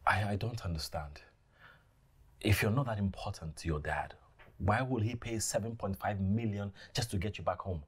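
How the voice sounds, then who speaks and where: A man's voice: fairly low pitch, slightly rough. An actor playing a hot-tempered young man who fakes a kidnapping in a film drama. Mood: exasperated. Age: young adult. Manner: exasperated, quick to flare up. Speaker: fake kidnapper.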